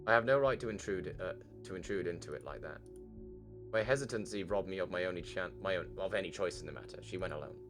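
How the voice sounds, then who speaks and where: A man's voice: low-pitched, quick pace, music in the background. A man streaming a game, reading a visual novel aloud and breaking off to react, swearing casually.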